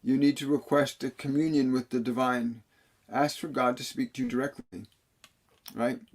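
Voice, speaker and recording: A man's voice: medium pitch, level tone, normal speed. Earnest male medium repeating phrases. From Canada. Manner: earnest, repeats key phrases, laughs softly between answers. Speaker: spiritual medium. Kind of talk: live channeling session reading viewer questions.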